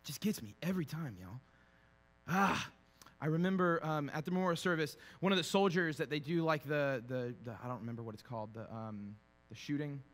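A man preaching a sermon as a pastor, shifting from quiet conversational storytelling with fillers to loud, emphatic preaching. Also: fairly high pitch, brisk. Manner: conversational, with fillers and repeated words. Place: church sanctuary.

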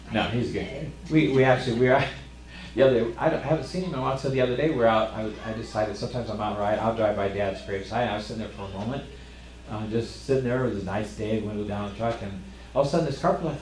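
A pastor delivering a sermon, telling rambling family stories with false starts and self-deprecating humor. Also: male voice, medium pitch, reverberant.

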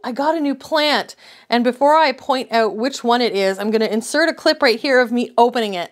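Bubbly woman chatting about houseplants. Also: on the high side. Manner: chatty, bubbly, with many fillers. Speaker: houseplant channel host. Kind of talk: casual vlog chat. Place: home with plant shelves.

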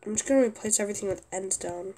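A young woman commenting on her own gameplay, often exasperated and yelling at a teammate. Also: medium pitch, racing, slight background noise. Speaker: gaming youtuber.

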